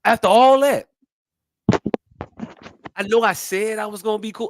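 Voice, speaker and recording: A man's voice: sits high, normal speed, noisy background. A man co-hosting a podcast, blunt and profane, often restarting his sentences in casual chat. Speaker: podcast co-host.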